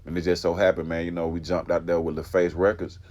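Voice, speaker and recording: A man's voice: deep voice, level tone, fast talker, darkish tone, lo-fi sound. A man from Atlanta talking in a laid-back, casual way in an interview, peppering his speech with fillers. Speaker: group member being interviewed.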